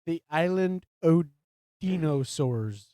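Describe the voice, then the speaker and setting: A man's voice: on the high side, lively intonation, takes it slowly, warm tone, dry recording. A man co-hosting a movie podcast, joking and laughing a lot as he chats about the plot. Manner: laughs often, playful quips. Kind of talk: casual film recap chat.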